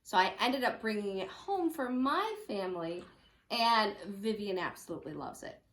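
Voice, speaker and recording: A woman teacher reading a picture book aloud at home, with lively, chatty asides for children. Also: medium pitch, moderate pace, echoey room. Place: home room.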